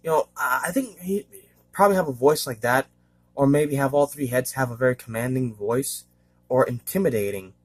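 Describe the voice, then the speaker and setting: Husky-voiced man rambling casually. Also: mid-range voice, moderate pace. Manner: rambling and hesitant, many fillers; frequent throat-clearing. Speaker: vlogger. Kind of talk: casual monologue.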